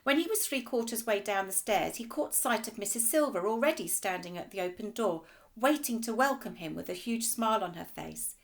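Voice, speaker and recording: A female teacher reading a children's storybook aloud in an expressive, lively way. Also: medium pitch, fairly quick, creaky, hardly any pauses.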